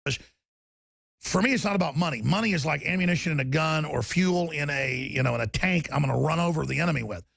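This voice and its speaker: Gravelly high-voiced man ranting as host. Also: fast, no echo. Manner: angry, shouting, sarcastic. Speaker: talk show host. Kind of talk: heated talk radio rant.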